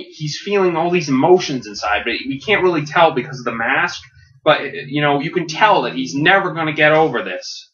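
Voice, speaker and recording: A man pitching a story out loud, animated and casual, with slangy asides. His voice is bright and forceful and sits a little high. The recording sounds a bit dull and lo-fi. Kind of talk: excited story pitch narration.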